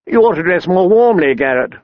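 A man's voice: high voice, expressive, fairly quick, no echo, phone-quality sound, voice pushed up. A man voicing an aloof, condescending young nobleman with a raised, clipped voice. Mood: haughty. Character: young haughty male knight, bored and aloof.

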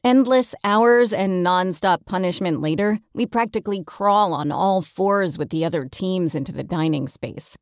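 Woman, lower voice, wry expressive audiobook narrator, dry close-mic read. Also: normal speed, hardly any pauses, no room sound. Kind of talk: first-person audiobook narration.

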